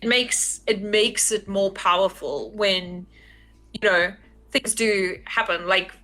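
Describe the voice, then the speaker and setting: A woman, a game master guesting on a podcast, talking in an animated, rambling way with frequent "like"s and self-mocking laughs. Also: mid-range voice, takes it slowly. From South Africa. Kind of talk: casual interview chat.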